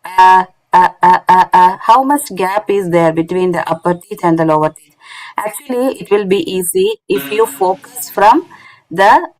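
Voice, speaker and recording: A woman's voice: mid-range voice, big pitch swings, moderate pace, darkish tone, low-quality recording. A woman teaching Quran recitation online in English with a non-native accent, explaining step by step and often checking with "isn't it?". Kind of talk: online lesson.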